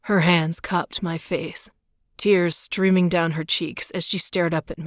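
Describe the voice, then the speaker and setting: Low-voiced woman narrating a romance. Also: level tone, no echo, studio quality. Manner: measured, intimate storytelling. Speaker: audiobook narrator. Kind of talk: first-person romance narration.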